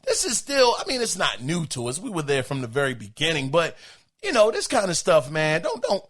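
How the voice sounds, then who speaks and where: A middle-aged man hosting a podcast, reacting to listener emails in an emphatic, exclaiming, animated way. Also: on the high side, brisk. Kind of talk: casual podcast commentary.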